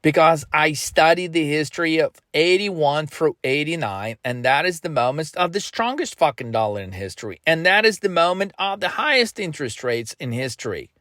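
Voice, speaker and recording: A man with a high voice delivers a blunt, pushy motivational rant as a trading coach. He swears constantly. The sound is dry and close, with no room echo. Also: expressive, moderate pace, hardly any pauses, fairly bright tone. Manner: blunt, heavily profane, pushy.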